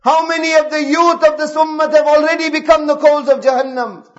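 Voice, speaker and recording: A man's voice: very high voice, fairly even intonation, brisk, lo-fi sound. A male preacher giving an impassioned sermon, piling up repeated rhetorical questions.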